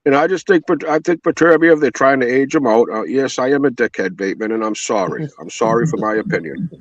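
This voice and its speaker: A man's voice: mid-range voice, expressive, fast talker, no room sound. Profane, blunt man in boxing banter. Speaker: podcast co-host. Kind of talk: heated casual boxing chat. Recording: dull lo-fi dry sound.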